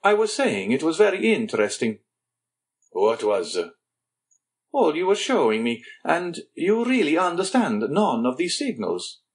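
A man's voice: fairly high pitch, big pitch swings, unhurried. A man reading an audiobook, voicing a suave count who questions and tempts a clerk with pointed questions. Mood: curious.

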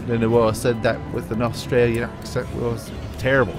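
A man narrates his racing game in a playful, chatty way, joking with viewers and talking back to the game. His voice sits at a middle pitch. Game music and engine sounds play clearly underneath. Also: flat delivery, brisk, hardly any pauses. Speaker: gaming YouTuber. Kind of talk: let's play commentary. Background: game music and engine noise.

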